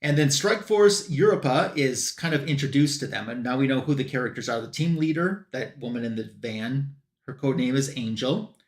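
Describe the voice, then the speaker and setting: A man on a comic book show giving a casual plot recap and quoting characters in quick bursts. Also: mid-range voice, expressive, echoey room. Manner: retells scenes with quick quoted voices for characters.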